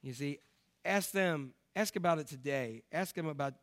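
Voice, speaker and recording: Male pastor, higher voice, lively sermon delivery with big swings in volume. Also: normal speed. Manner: animated storytelling, swings between loud emphasis and quiet asides.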